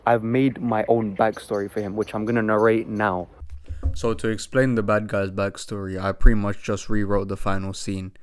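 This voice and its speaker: A man's voice: fairly low pitch, level tone, normal speed, clean tone, dry recording. A man giving a casual film review, ranting and swearing as he talks.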